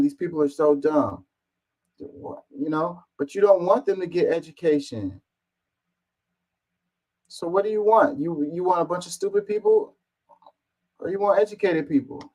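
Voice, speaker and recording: A man's voice: sits high, a little mellow, poor audio. A man reading online comments aloud and answering them in an exasperated, casual rant, swearing and firing off rhetorical questions.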